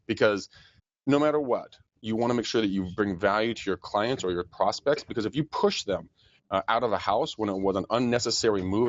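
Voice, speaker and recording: A man co-hosting a casual podcast, talking quickly and stumbling over repeated words. His voice sits fairly low and sounds dry, close and a little dull. He laughs easily between thoughts. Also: no room sound. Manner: fast, animated, laughing often, many repeated words. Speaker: podcast co-host, real estate agent.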